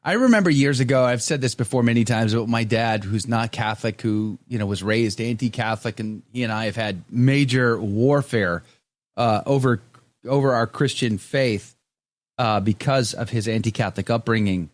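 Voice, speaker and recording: A man's voice: mid-range voice, normal speed, no echo. A male host in casual live-stream chat, reading viewer comments aloud and talking candidly. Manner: candid, conversational, with frequent restarts.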